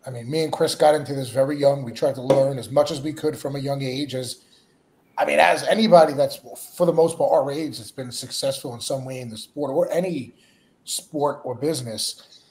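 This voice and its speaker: A man's voice: mid-range voice, fairly quick, a little mellow. A man guest in a casual chat, emphatic and profane, repeating himself for emphasis.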